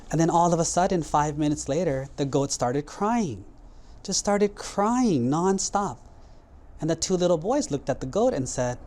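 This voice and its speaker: A man's voice: fairly high pitch, moderate pace. A man, a Buddhist monk, telling a moral story in a sermon with plain, simple words. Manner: simple plain words, lively acted quotes.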